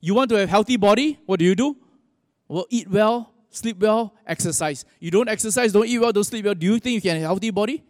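Male pastor, high voice, sermon in a big reverberant hall, chatty, quizzes the crowd. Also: fast talker, a little mellow, studio quality. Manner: conversational, asks the audience questions.

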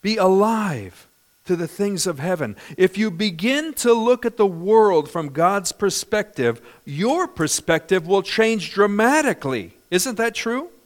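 A middle-aged man from California preaching a sermon, lively and humorous, often asking the congregation questions. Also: high-pitched, unhurried. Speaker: pastor.

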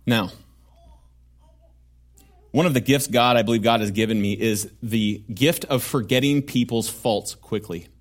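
Earnest male pastor preaching a sermon. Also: mid-range voice. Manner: earnest, conversational preaching with asides to the congregation. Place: church.

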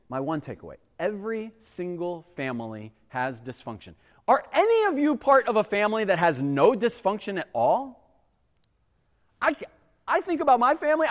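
A man giving a casual, conversational sermon as a pastor, animated and acting out exasperated voices. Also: high voice, long reverb tail.

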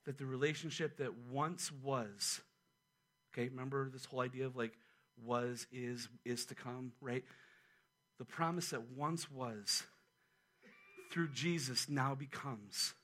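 A man preaching a sermon as pastor, animated and conversational, with quick asides to his church. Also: medium pitch. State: a little out of breath.

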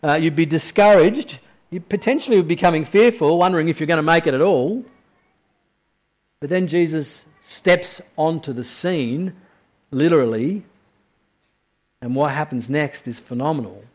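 A man with a somewhat high-pitched voice preaches a sermon. He lifts his voice with urgent questions, then drops to a quiet, slowed delivery, repeating key phrases for weight. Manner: preaching that swings from raised, urgent questions down to hushed, slow emphasis.

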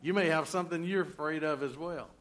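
A man's voice: fairly high pitch, brisk, a bit bright. A middle-aged man preaching a sermon in a folksy, conversational way, full of rhetorical questions. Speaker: pastor.

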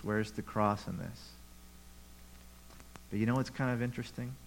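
A man's voice: lowish voice, slight background noise, poor audio. A pastor preaching a conversational sermon to his church, with rhetorical questions and repeated phrases.

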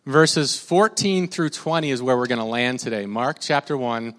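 A man's voice: mid-range voice, normal speed. A man preaching a sermon to his church, reading scripture aloud and leading the congregation in call-and-response. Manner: energetic, leads call-and-response. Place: church sanctuary. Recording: long reverb of a church hall.

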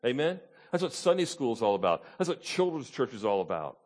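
A pastor, preaching a conversational Bible-teaching sermon and often checking in with the congregation with "Okay?" and "Amen?". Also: male voice, medium pitch, big pitch swings, brisk, a little mellow.

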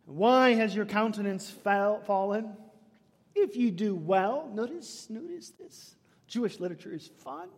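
High-voiced man preaching in a reverberant hall. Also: lively intonation, a little slow. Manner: emphatic, swings from loud declaiming to hushed whispers. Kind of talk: sermon. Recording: long reverb of a large hall.

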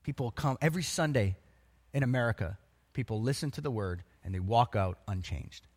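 A man preaching a sermon, emphatic and animated, quoting scripture. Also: medium pitch, a little fast, husky, big-room sound. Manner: animated and emphatic, acts out voices of people.

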